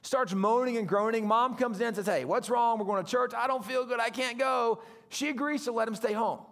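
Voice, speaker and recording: Male guest pastor, animated storyteller, very high voice with a gravelly edge. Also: fairly quick. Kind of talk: storytelling sermon.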